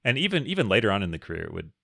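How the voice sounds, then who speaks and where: Brief: male co-host, low gravelly voice with a bright edge, casual chat, reads letters, dry sound. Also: big pitch swings, very fast, dry recording. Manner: reads listener questions aloud, jokey. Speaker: podcast co-host.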